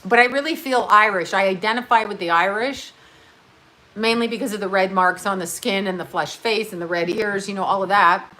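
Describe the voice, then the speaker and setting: A woman from Canada talks to her viewers in a loose, rambling way, blunt and salty with plenty of self-mockery. Her voice is bright and forward, sitting right in the middle of a woman's range. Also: mid-range voice, fairly quick. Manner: rambling, blunt and profane with self-mocking asides. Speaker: livestream host. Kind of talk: casual chat.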